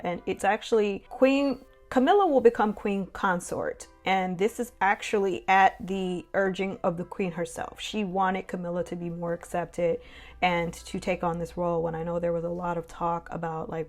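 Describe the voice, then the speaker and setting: Woman history vlogger, slightly low pitch, casual rambling delivery full of fillers. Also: a little mellow. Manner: conversational, rambling, many "you know" and "um" fillers. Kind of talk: casual commentary vlog.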